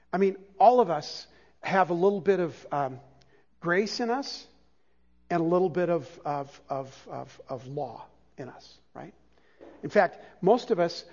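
Older man, pastor, high voice, animated conversational sermon, muffled lo-fi recording. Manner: animated, conversational preaching with self-deprecating humor. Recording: dull, lo-fi church sermon recording.

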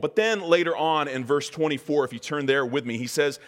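A man preaching a sermon as pastor, measured and deliberate, slowing down to weigh key phrases. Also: a little high. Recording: long reverb of a large hall.

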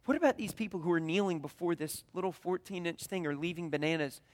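A man's voice: on the high side, fast talker, dry recording. A man in his thirties with a Southern US accent, preaching a conversational sermon full of storytelling and acted-out dialogue. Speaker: pastor.

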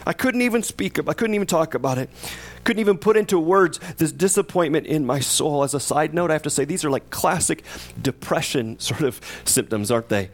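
A man preaching a sermon as pastor, conversational, often asking his listeners questions and acting out the psalmist's words with rising intensity. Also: on the high side. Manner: conversational, asks the congregation questions.

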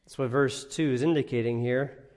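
A male preacher delivering an expository sermon, earnest and emphatic, dropping to a hush on key points. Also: mid-range voice, fairly even intonation, normal speed. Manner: earnest, swings from emphatic to hushed.

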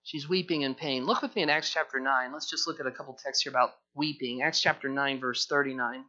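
A man preaching an expository sermon, earnest and repetitive, moving from hushed tones to fervent emphasis. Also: medium pitch, steady tone, a little fast, highs cut off. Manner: earnest, repeats words, swings from hushed to fervent. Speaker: pastor.

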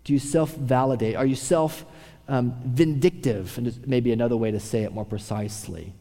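A man preaching a sermon, swinging from a raised voice to hushed, quiet tones. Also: mid-range voice, fairly quick, long reverb tail. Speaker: pastor.

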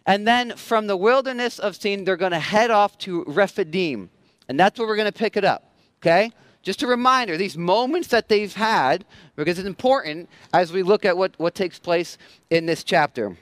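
A man preaching a sermon outdoors, telling the story in a conversational, animated way with quick asides. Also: high voice, dry recording. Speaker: pastor. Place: outdoors in the sun.

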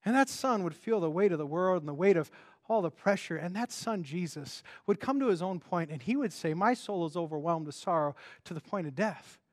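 A man preaching a sermon in an animated, conversational way, with many restarts and rhetorical questions. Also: high-pitched, brisk. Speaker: pastor.

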